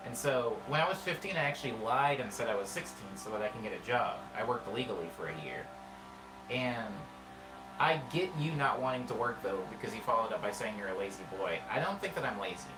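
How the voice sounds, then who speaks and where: A man's voice: mid-range voice, expressive, far from the mic, over music. Rambling man in an echoey room. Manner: rambling, chatty, quick asides. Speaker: musician livestream host. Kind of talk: casual chat reading viewer comments.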